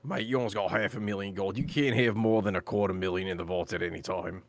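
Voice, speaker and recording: A smooth-talking swindler poses as a friendly official, breezy and polite, as a man plays him at a tabletop game. His voice is fairly low and the sound is dry and close. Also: steady tone, fast, dry recording. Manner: breezy and overly polite, keeps saying "mate". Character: smooth-talking male con artist posing as an official.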